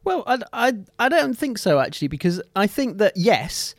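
A man discussing politics on a studio panel, measured and analytical, often saying "you know". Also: sits high, very animated, no room sound. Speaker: political commentator.

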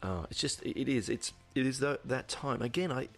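A man's voice: medium pitch, a little fast, creaky, fairly bright tone, faint music behind. A man giving a casual album review, rambling and hesitant, with lots of ums and restarts. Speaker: music reviewer.

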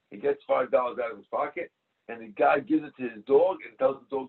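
A man's voice: mid-range voice, brisk, breathy edge. A man teaching a Talmud class. He reads each phrase of the text, translates it, and tells stories to explain it. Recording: tinny phone-like line.

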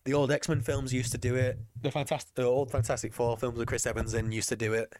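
A man's voice: mid-range voice, level tone, brisk, darkish tone, dry recording. A man co-hosts a casual podcast, tearing into a superhero film with swearing and mocking voices in the quotes. He has had a few drinks and has the hiccups. The sound is dry and close, with no room around it. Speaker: podcast co-host. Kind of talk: casual film commentary chat.

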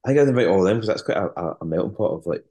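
A man, a band musician, chatting as an interview guest, halting and repeating words with many fillers. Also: low voice, lively intonation, mellow. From West African heritage. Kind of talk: casual interview chat.

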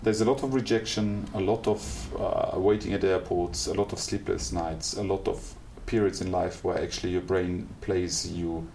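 A man with a German accent, a classical singer speaking thoughtfully as an interview guest, pausing to find words. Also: sits low, fairly even intonation, creaky, darkish tone. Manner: thoughtful, searching for words with small restarts. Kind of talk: reflective interview conversation. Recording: faint background noise.

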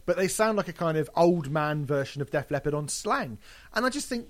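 A man's voice: a little high, animated, a little fast. A man ranting in a casual podcast chat, swearing and breaking into mocking impressions. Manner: ranting, swearing, mock-sings.

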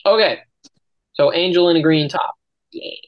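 A man's voice: on the high side, normal speed, highs cut off. Male podcast host, playful and rambling, casual banter. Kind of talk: casual chat.

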